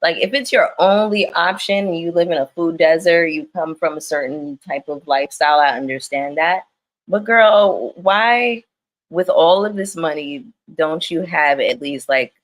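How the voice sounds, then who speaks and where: A young woman giving casual, animated livestream commentary on a reality show, laughing often. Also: low voice, moderate pace. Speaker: reality TV recap streamer.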